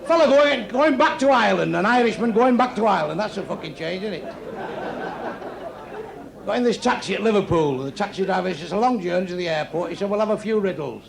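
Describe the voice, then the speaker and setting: Gravelly man telling crude jokes. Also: high-pitched, animated. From England. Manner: blunt, crude, rapid joke-telling to a live crowd. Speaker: stand-up comedian. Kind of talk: stand-up comedy routine. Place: comedy club stage. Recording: live club recording with noisy laughing crowd. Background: audience laughter and chatter.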